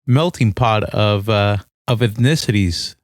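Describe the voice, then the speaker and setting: A man's voice: on the low side, a little slow, no echo. A man co-hosting a casual podcast, sarcastic and crude, swearing freely as he jokes around. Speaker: podcast co-host.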